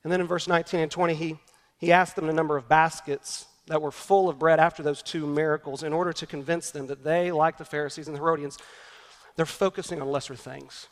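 A man's voice: a little high, steady tone, fairly quick, in a large hall. A man preaching a sermon as pastor, earnest and emphatic, repeating his key points.

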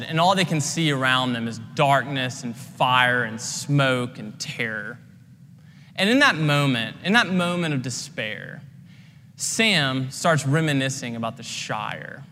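Young male pastor, bright and slightly high voice, casual filler-heavy sermon delivery, reverberant hall. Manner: earnest, conversational, frequent "like" fillers.

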